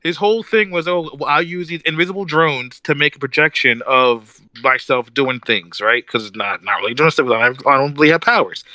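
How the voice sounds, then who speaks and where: Man, podcast co-host, animated ranter; bright, tense, slightly high voice, dry close mic. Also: brisk, hardly any pauses, dry recording. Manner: animated ranting, mimics characters mid-story. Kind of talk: casual chat.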